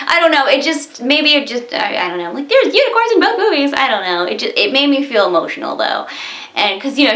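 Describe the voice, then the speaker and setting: Giggly high-voiced woman in an echoey room. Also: fairly bright tone. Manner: rambling and giggly, full of "like" and "um". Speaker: vlogger reviewing a film. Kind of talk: casual movie review chat.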